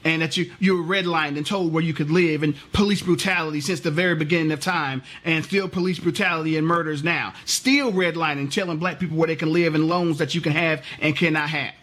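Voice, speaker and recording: Heated husky man ranting. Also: fairly high pitch, steady tone, a little fast, hardly any pauses, fairly bright tone. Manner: heated, profane, rhetorical questions. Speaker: vlogger. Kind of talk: impassioned political rant.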